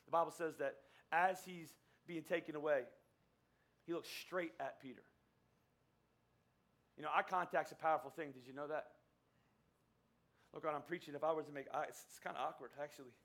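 A man's voice: fairly high pitch, steady tone, normal speed, pauses often, fairly bright tone. A middle-aged man preaching a sermon, telling a family story in a conversational way and acting out the quoted lines. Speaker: pastor.

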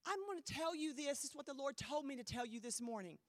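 A woman pastor preaching a sermon in a church, emphatic with dramatic pauses, her voice a little strained. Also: sits high, expressive, no room sound, clean studio sound. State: voice trouble, slightly strained.

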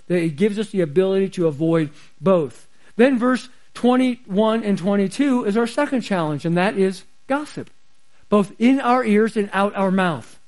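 A man's voice: high-pitched, darkish tone. A man preaching a sermon, talking conversationally and reading scripture with emphasis. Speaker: pastor.

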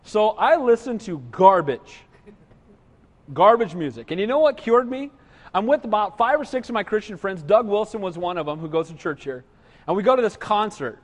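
This middle-aged man speaks at an ordinary pace in a high, expressive voice, delivering a sermon in a big hall. As a pastor, he jokes, spins stories, and keeps asking the audience "right?"

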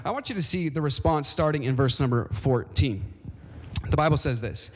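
Pastor guy preaching hard, kinda high voice, calls out to the congregation, big echoey church hall. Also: expressive, normal speed. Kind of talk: sermon. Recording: long reverb of a large hall.

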